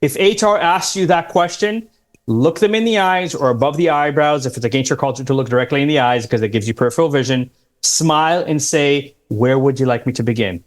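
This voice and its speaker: A man with a fairly high voice, a career coach guest who gives step-by-step interview advice and stresses key words as he talks. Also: brisk. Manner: emphatic, instructive, quotes interview lines. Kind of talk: advice-giving podcast talk.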